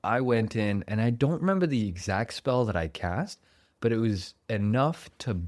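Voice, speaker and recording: Low-voiced man telling a lively story. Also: moderate pace, no echo. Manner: animated, laughing, swearing, acts out quotes. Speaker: podcast host and dungeon master. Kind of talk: casual storytelling chat.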